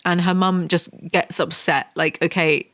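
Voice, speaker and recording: A woman's voice: on the low side, fairly even intonation, a little slow, a bit bright. A young woman giving a sarcastic, profanity-laced book review, mocking the story as she reads from it. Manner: sarcastic, swears freely.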